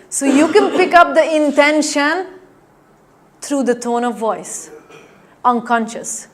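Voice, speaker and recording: A woman NLP trainer lectures a class in a slightly high voice. She demonstrates each point by acting out changes in tone, and she keeps checking in with her listeners. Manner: demonstrative, acts out tone changes and asks the class "right?".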